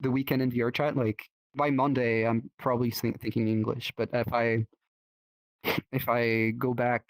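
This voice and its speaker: A man's voice: medium pitch, level tone, no room sound. A man with a French accent, a native French speaker talking in English, chatting casually as a podcast guest, full of restarts and fillers. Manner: halting, many restarts and fillers. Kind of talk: casual chat.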